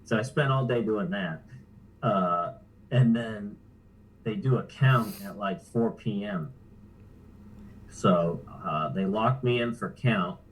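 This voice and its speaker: Guest, male, low voice, easygoing storyteller, salty language, chuckles along. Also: slow pace, long pauses, slight background noise, rough recording. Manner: laid-back, profane, chuckles while telling. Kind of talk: casual storytelling.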